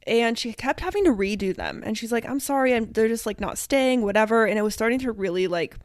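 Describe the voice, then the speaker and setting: A young woman co-hosting a podcast, telling a story in casual chat, animated, acting out the dialogue she quotes and often saying "like". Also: fairly high pitch, fast talker, no room sound, studio quality. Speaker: podcast co-host.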